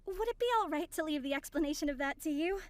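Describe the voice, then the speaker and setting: A woman's voice: high voice, fast, close to an everyday voice. A woman voicing a composed, polite young woman of mystery in a dubbed video game.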